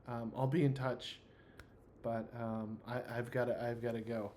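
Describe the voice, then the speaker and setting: Hesitant man game master with a mellow voice. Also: mid-range voice, flat delivery, normal speed, slight background noise. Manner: hesitant, many ums and restarts. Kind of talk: voicing an NPC in a tabletop game.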